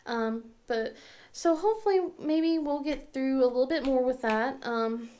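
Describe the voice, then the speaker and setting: A woman in her thirties chatting casually as a crafting channel host, rambling and halting with lots of fillers and restarts. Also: sits high, dark tone. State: tearful at times. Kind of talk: casual chat.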